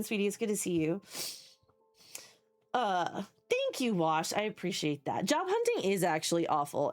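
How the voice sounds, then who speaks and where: Lady chatting w her stream, bouncy up and down pitch, laughs and cusses, hanging out at home. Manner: rambling, swears freely, laughs often, greets chat by name. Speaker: live streamer chatting with viewers. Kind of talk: casual chat. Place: home basement.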